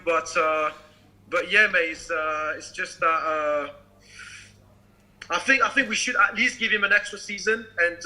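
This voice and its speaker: A man with a French accent whose voice sits high and sounds very bright and sharp. He speaks as a guest on a live stream, halting and searching for his words. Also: rough recording. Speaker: guest football fan. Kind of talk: casual chat on a live stream.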